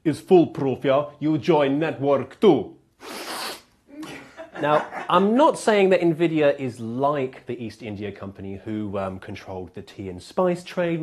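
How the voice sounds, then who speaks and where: A man hosting a comedy club, delivering a stand-up monologue and laughing at his own jokes. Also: mid-range voice.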